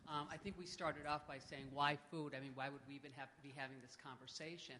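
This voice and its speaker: A man's voice: on the high side, fairly even intonation, fast talker, pushed and bright. A man on a discussion panel, musing aloud with many fillers, recorded in an echoey hall. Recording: echoey hall, faint background noise.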